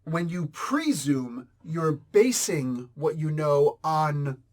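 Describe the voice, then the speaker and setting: A man reviews a comic book in a blunt, rambling, exasperated rant. His voice sits slightly high for a man. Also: lively intonation, slow pace, darkish tone. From New Jersey, US. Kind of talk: casual ranting review.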